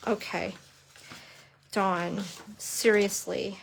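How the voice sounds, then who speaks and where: A woman's voice: medium pitch, little pitch movement, drawn-out words, vocal fry, slight background noise. A middle-aged woman demonstrating papercrafting on a live stream, chatty and bubbly, teasing herself and greeting viewers. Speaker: papercrafting instructor.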